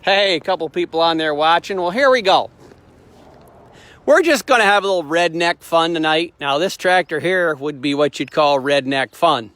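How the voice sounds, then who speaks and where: A man's voice: a little high, animated, moderate pace, fairly bright tone, dry recording. A middle-aged man hosting a casual walkaround, telling a rambling, plain-spoken story in a folksy way. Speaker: host, tractor dealer.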